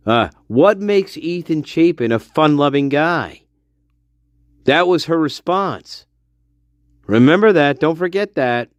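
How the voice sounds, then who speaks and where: A man's voice: medium pitch, darkish tone, no room sound. A man hosting a stream, giving heated commentary in a blunt, profane way and laughing often. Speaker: livestream host.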